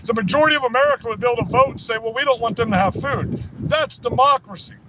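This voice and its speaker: A man's voice: very high-pitched, fast talker. A man livestreaming outdoors, ranting in a profane, combative and rambling way. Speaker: livestreamer at a rally counter-protest. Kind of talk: casual livestream rant. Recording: outdoor street noise with traffic.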